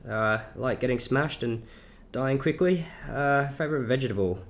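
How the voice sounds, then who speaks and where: A seventeen-year-old YouTuber with a South Australian accent rambles through a casual Q&A vlog, full of fillers and swearing. His voice is medium-pitched at normal speed.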